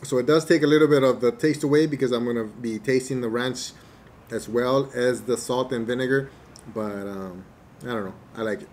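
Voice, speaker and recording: Man, mukbang vlogger, easygoing, halting with fillers, mid pitch, faint rumble behind. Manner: relaxed, hesitant with many fillers, chewing pauses. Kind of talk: casual eating review to camera. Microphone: camera mic at table distance.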